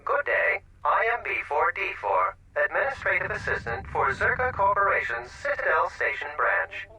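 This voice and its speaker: A man's voice: high voice, big pitch swings, normal speed, sharp tone, distant mic, a little hiss or hum, voice pushed up, exaggerated voice, rough recording. A man voicing a polite male administrative droid, formal and chipper. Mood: courteous.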